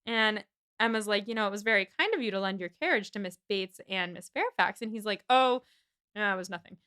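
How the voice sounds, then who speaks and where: Podcast co-host, young woman, forceful clear tone, animated recap acting out the scenes. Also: mid-range voice. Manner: animated retelling, acting out characters in quick voices. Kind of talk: casual book-club chat.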